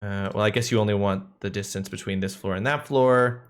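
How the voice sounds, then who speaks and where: A man's voice: fairly low pitch, fairly even intonation, fairly quick. A man narrating as game master in a casual, rambling way with many fillers.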